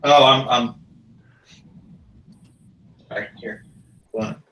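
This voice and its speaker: A man's voice: medium pitch, fairly even intonation, takes it slowly, a bit bright. A man making brief, slightly hesitant remarks in a casual chat. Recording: echoey room, distant mic.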